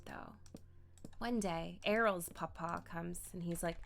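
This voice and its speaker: A woman's voice: lowish voice, measured pace, creaky, a bit bright. A woman streamer improvising a story as she games, rambling, playful, with side comments to herself. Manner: rambling, playful, laughs and asides. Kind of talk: improvised storytelling while gaming.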